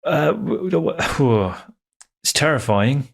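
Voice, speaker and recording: A man's voice: a little high, animated, takes it slowly, vocal fry. A man co-hosting a casual football podcast, chatty and enthusiastic. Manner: chatty, enthusiastic, with many fillers and restarts. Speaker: podcast co-host.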